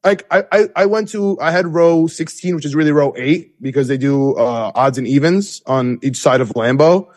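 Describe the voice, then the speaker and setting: A young man hosting a podcast, telling an excited, rambling story with many restarts. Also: on the high side, moderate pace, few pauses. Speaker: podcast host. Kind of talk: excited casual recap.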